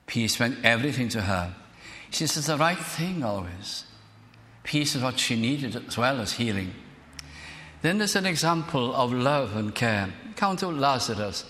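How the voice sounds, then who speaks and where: Older preacher, bright voice in a hall. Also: male voice, medium pitch, big pitch swings. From South Wales. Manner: earnest, measured preaching that slows to dwell on phrases. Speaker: minister. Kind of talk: sermon. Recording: reverberant hall.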